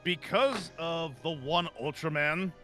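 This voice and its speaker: A man's voice: on the high side, takes it slowly, faint music behind. A man chatting casually on a stream while building a model kit, joking and riffing with quips. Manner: jokey, animated, riffing with quips.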